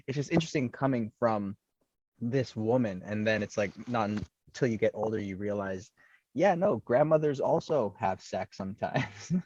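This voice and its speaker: Low-voiced man hosting a podcast, lo-fi. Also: no room sound. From Toronto, Canada. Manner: relaxed, jokey, affirming with "mm-hmm". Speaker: podcast host. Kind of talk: casual podcast interview.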